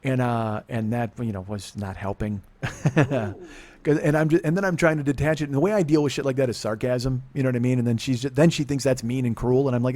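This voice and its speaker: A man in his forties hosting a comedy podcast, telling a confessional story in a profane, self-deprecating way that drops to low muttering and then bursts out loud. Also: a little fast. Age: 40s. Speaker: podcast host.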